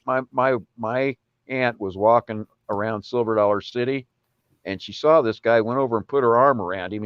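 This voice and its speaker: A man's voice: mid-range voice, clear, resonant tone, no room sound, muffled recording. A man chatting casually on an online call, rambling through stories and laughing often. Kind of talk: casual chat.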